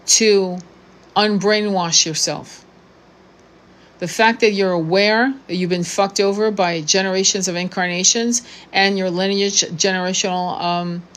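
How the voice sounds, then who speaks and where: Blunt, profane woman in her sixties. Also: medium pitch. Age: 60s. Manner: blunt, profane and impassioned, with restarts. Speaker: tarot reader and spiritual coach. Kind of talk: unscripted monologue to camera.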